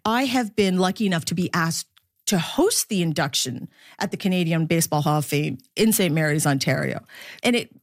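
A middle-aged woman who works as a baseball broadcaster, speaking as an interview guest in a lively, laughing, storytelling way. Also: sits low, fairly quick, no room sound, clean studio sound. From Philippines.

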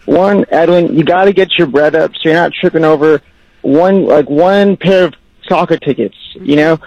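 A man's voice: a little high, moderate pace, a little mellow, dry recording. A man calling into a radio show, confidently lecturing and giving dating advice, often repeating himself. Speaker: radio caller. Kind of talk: casual call-in advice. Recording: muffled phone line.

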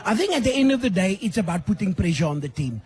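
A hoarse man with a lost voice, a studio guest speaking enthusiastically on radio. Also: sits high, very animated, fast talker, darkish tone. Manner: enthusiastic, emphatic. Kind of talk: radio interview.

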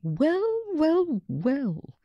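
A woman's voice: high voice, huge pitch swings, very slow, no room sound, muffled recording, pitched above the performer's own voice, exaggerated voice. A woman voicing an encouraging female schoolteacher in a children's story.

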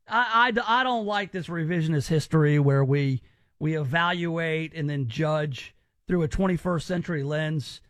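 A man's voice: on the high side, moderate pace, a bit bright, no echo. A man hosting a call-in radio show, rambling and teasing with lots of restarts. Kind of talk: joking call-in radio banter.

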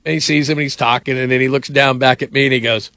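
Bright-voiced rambling sports radio host. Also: male voice, medium pitch, steady tone, quick pace, no room sound. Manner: rambling storyteller, many fillers. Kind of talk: casual sports radio talk.

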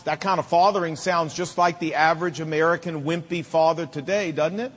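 A man's voice: fairly high pitch, a bit bright, in a large hall. A middle-aged man preaching a sermon, with emphatic, repetitive rhetoric and folksy humor. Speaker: pastor.

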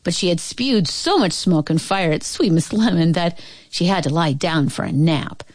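A woman reads a children's picture book aloud, playful and expressive. Her voice sits fairly low but swoops widely through the phrases. The recording is close and dry with no room sound. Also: normal speed, no echo. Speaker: storybook reader.

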